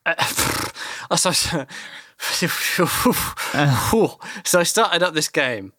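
A man's voice: on the high side, expressive, takes it slowly, bright, forceful tone, dry recording, studio quality. A man chatting casually, telling a story with laughter. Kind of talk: casual chat.

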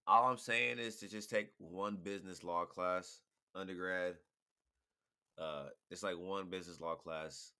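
A man's voice: sits low, fairly even intonation, a little slow, sharp tone, clean tone. A tipsy young man chatting casually with laid-back slang, teasing and apologetic by turns. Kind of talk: casual chat.

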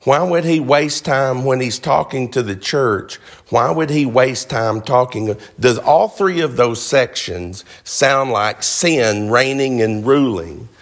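A man preaching with emphasis, his voice sitting at a middle pitch. He keeps asking his listeners rhetorical questions, pressing each point home. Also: slow pace, few pauses. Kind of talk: sermon.

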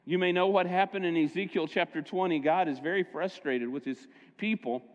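A man's voice: high voice, fairly quick, big-room sound, dull audio. A middle-aged man preaching a sermon as pastor, telling stories in a conversational way and correcting himself as he goes. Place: church sanctuary.

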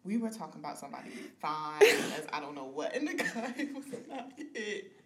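A young woman, co-hosting a podcast and telling stories in lively, slangy chat with frequent laughter. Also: medium pitch, moderate pace, crowd noise. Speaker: podcast co-host.

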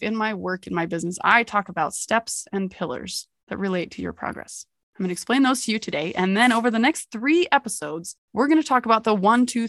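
A woman's voice: medium pitch, a bit bright, no echo, studio quality. A young adult woman hosting a motivational podcast, telling a story with energy and laughing at herself. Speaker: podcast host.

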